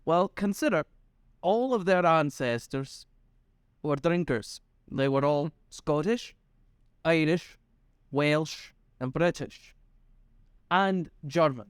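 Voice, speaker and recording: A man's voice: on the high side, slow pace, pauses often, clear, resonant tone, dry recording, clean studio sound. A man co-hosting a podcast in casual chat, rambling and teasing as he jokes with his friend. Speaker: podcast co-host.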